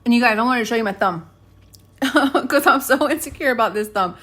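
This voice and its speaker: Her voice is a little high, animated, brisk and a bit bright. The young vlogger rambles casually to viewers from indoors at home, laughing frequently and turning to her dogs mid-sentence.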